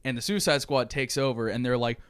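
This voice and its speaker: A man co-hosting a podcast in casual chat, telling an animated, swear-heavy story and acting out the characters' lines. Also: medium pitch, fairly quick, smooth, dry recording, clean studio sound. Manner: excited storytelling, swears often, acts out lines. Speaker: podcast co-host.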